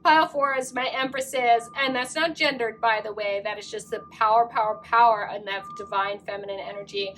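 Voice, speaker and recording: A woman giving a pick-a-card tarot reading in an effusive, excitable way, full of gushing exclamations. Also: fairly high pitch, brisk, few pauses, a little hiss or hum. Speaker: tarot reader.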